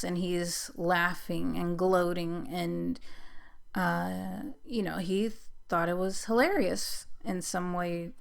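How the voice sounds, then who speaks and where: Slow, gravelly woman telling her story. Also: lowish voice, fairly bright tone. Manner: hesitant, many fillers and restarts. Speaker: vlogger recounting personal experience. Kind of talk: casual personal storytelling.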